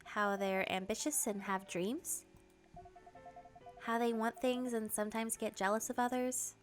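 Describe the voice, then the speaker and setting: A woman voicing a calm, thoughtful barista in gentle, measured tones, reading game dialogue. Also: fairly high pitch, faint music behind, natural voice. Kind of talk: game dialogue read-through.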